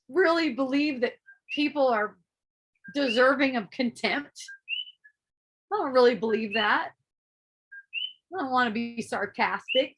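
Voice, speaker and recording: A spiritual teacher gives a casual talk in a fairly high voice, animated and laughing a lot. She acts out her own inner voices and swears freely.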